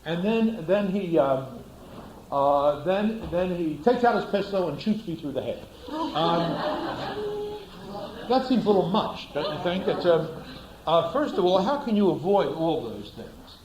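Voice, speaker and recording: A man's voice: high-pitched, big pitch swings, measured pace, echoey room, noisy background. A man giving a classroom lecture, asking the class rhetorical questions and acting out little scenes.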